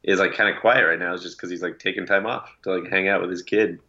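A man's voice: low-pitched, steady tone, fast, pushed and bright, muffled recording. A man co-hosting a casual sports podcast, agreeable and chatty. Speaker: podcast co-host.

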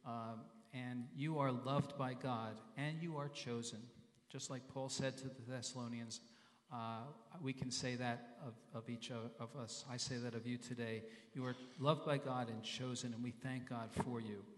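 A male pastor preaches a sermon in an easy, conversational way. He often repeats himself and carefully sounds out Hebrew and Greek words. His mid-pitched voice carries a long reverb from a large hall. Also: fairly even intonation, moderate pace.

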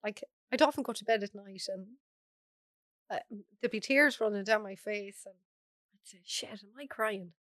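An Irish woman with a hoarse, bunged-up voice, talking openly and bluntly as an interview guest. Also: mid-range voice, normal speed, pauses often, fairly bright tone, no room sound, studio quality. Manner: frank, chatty, laughs often. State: hoarse from a cold. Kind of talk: casual interview chat.

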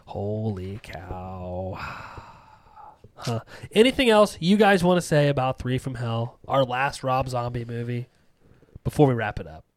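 A man's voice: medium pitch, no room sound. A man hosting a horror movie podcast, teasing his co-hosts in casual chat. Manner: animated, teasing, quick. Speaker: podcast host.

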